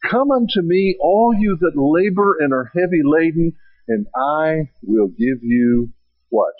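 A man preaching a sermon, swelling with emphasis and slowing down on key phrases. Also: fairly high pitch, lively intonation, no room sound, phone-quality sound. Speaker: pastor.

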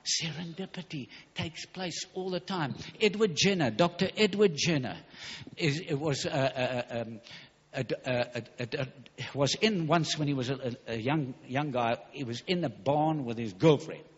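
Male preacher, husky voice, emphatic and rushed, dull hall recording. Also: on the high side. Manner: fervent, emphatic, rushing with stumbles. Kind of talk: sermon.

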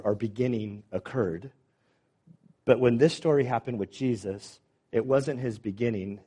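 Pastor, male, mellow lower voice, halting sermon delivery with fillers. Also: slightly rough. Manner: halting, many fillers and repeated words.

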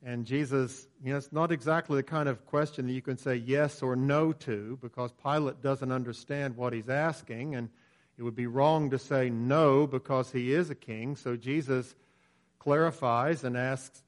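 A man's voice: mid-range voice, fairly even intonation, normal speed. A man preaching a sermon in an earnest, emphatic way.

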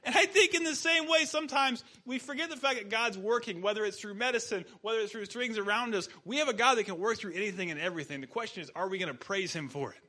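A man preaching a sermon in a casual, animated storytelling manner as pastor. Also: high-pitched, fast, few pauses.

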